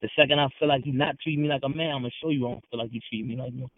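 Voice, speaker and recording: A man's voice: mid-range voice, fairly even intonation, very fast, dry recording. A man talking as a podcast guest, heated and confrontational, full of slang and repeating himself. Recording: tinny phone-like sound.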